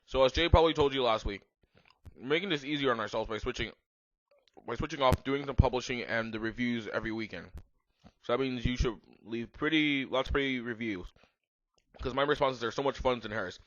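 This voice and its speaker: A man's voice: mid-range voice, a little fast, fairly bright tone, dry recording. A man doing a comedic reading, tossing in sarcastic, mocking asides. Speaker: comedic reader of a bad fanfic. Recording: dull lo-fi home mic.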